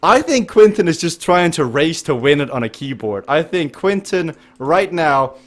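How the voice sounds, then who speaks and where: A man giving lively, chatty live commentary on an esports race and joking with the chat. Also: fairly high pitch, normal speed. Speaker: race commentator and stream host.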